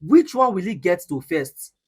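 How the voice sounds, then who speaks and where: A Nigerian man in his younger years leads a live trading lesson. His voice is husky and sits a little high, and he drives his points home by repeating phrases and restarting sentences. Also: big pitch swings, moderate pace. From Nigeria, Edo State. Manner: repetitive, emphatic, restarts often. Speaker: forex trading mentor. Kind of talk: live trading session teaching.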